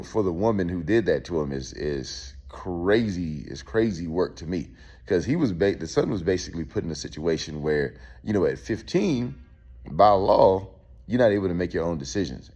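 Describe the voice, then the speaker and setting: Deep-voiced man in casual commentary. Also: darkish tone. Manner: loose and conversational, many fillers and restarts. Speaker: host.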